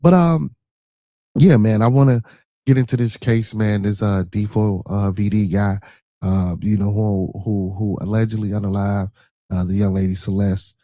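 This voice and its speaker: Casual young male podcast host, lowish mellow voice, rambling and repetitive. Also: fairly even intonation, moderate pace, no echo. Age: 20s. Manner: laid-back, rambling, repeats phrases and shout-outs. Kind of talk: casual livestream podcast talk.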